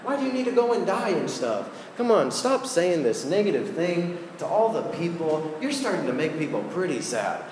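A preacher putting on a goofy, eager disciple. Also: male voice, sits high, very animated, brisk, few pauses, dark tone, slight background noise, pitched above the performer's own voice. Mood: pleading. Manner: eager, exclaiming. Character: goofy, impulsive adult male disciple. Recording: echoey hall with faint ambience.

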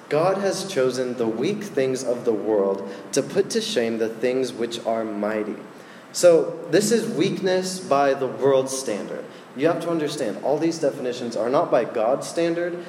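A man's voice: mid-range voice, a little mellow, slight background noise. A man preaching a casual, conversational sermon, talking like a friend with frequent fillers. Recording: echoey hall with faint ambience.

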